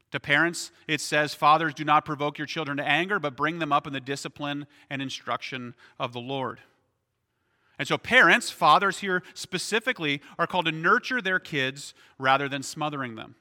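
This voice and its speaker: A man's voice: on the high side, bright, forceful tone, long reverb tail. A man preaching a sermon as pastor, in a conversational way, often asking "right?".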